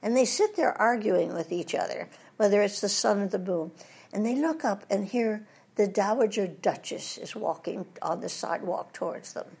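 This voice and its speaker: A woman's voice: medium pitch, moderate pace, creaky, darkish tone, breathy edge. An older woman, a voice actress, telling anecdotes in an interview and putting on British voices for jokes. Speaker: voice actress guest. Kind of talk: storytelling interview.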